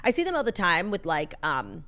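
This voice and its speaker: A woman's voice: lowish voice, a little fast. A young woman co-hosting a podcast, telling gossipy stories in casual chat with many "like"s. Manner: gossipy, animated storytelling with many "like"s. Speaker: podcast co-host.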